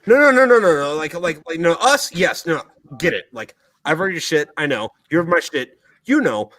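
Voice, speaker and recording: A man's voice: a little high, animated, normal speed, a bit bright, no room sound, low-quality recording. A man hosting a podcast, ranting heatedly and swearing constantly in a casual, tipsy way. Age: adult, military veteran. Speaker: podcast host. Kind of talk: profane casual rant.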